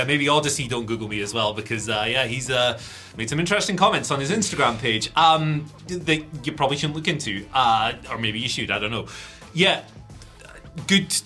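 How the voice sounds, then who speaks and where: A man's voice: medium pitch, bright, forceful tone. A Scottish man co-hosting a wrestling news show, making wry, dry asides in casual chat.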